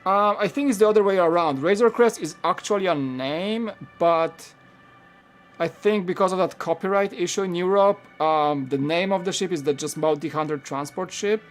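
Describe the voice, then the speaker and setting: A Polish man with a Polish accent hosts a live stream building a toy set, rambling casually and answering viewers' questions. His voice is high and his speed normal, and he's relaxed, dropping plenty of "like" fillers.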